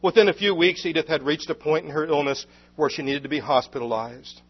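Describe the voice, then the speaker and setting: Husky-voiced preacher telling a story. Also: male voice, fairly high pitch, fairly even intonation, fairly quick, muffled recording. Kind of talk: sermon storytelling.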